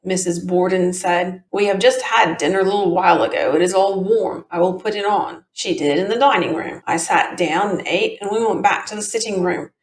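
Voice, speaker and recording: Plain-spoken man testifying, read by a woman, even matter-of-fact delivery, mid-pitched, tinny echoey sound. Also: normal speed, few pauses, lightly acted. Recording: tinny echoey home recording.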